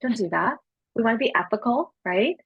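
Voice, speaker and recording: Woman guest, raspy gravelly voice, dry close sound, animated casual storyteller. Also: on the high side, fairly quick, no room sound, phone-quality sound. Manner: animated, chatty, slangy, acts out dialogue. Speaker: podcast guest, psychic medium.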